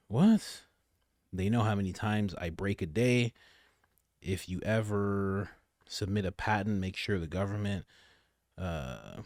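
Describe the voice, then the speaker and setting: A man doing casual, joking reaction commentary, ranting in an animated way. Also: fairly low pitch, no echo, studio quality. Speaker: political commentator.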